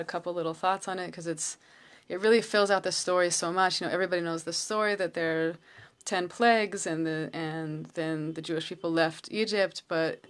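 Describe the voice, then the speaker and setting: A woman with a fairly low voice gives an informal Torah talk from home. She tells the story earnestly, pausing and restarting her phrases as she goes. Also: clean tone. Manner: earnest, halting, many restarts. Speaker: Torah teacher.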